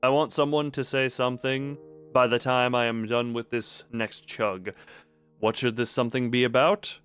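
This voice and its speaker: A man's voice: mid-range voice, fairly even intonation, moderate pace, fairly bright tone, smooth. Rambling young man streamer. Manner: rambling, self-interrupting, chatty. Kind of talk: casual late-night chat. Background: faint background music.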